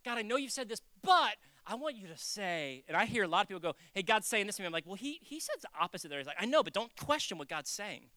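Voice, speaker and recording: A male pastor delivering a sermon in a casual, storytelling way, his voice bright and forward. He acts out quotes in loud, raised bursts, then drops to near-whispered asides. The sound is dry and close, with no room around it. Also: high-pitched, sing-song, fast, few pauses, dry recording. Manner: conversational preaching, swinging between loud acted quotes and hushed asides.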